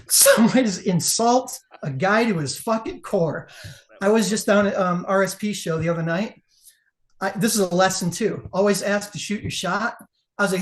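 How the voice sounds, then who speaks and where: A woman's voice: mid-range voice, moderate pace. Woman wrestler on a judging panel, mid-range voice, blunt and swears freely, on a video call. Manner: blunt and profane, with laughs. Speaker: wrestler and promo competition judge. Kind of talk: casual critique on a live panel.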